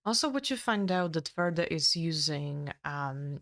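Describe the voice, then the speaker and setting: Female co-host, low voice, halting plot recap. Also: expressive, a bit bright. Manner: halting, many ums and restarts. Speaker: book reviewer co-host. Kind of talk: casual chat, retelling a plot.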